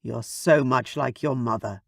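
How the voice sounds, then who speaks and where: A man voicing a big, easygoing dragon king who talks to his niece in a gentle, teasing way. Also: mid-range voice, measured pace, gravelly, no echo, clean studio sound.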